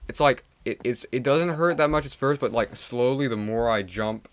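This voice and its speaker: A man's voice: mid-range voice, normal speed, no echo. A young man, streaming a game and chatting casually in a rambling way, full of fillers and restarts. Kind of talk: casual rambling chat while playing a game. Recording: game music playing clearly behind the voice.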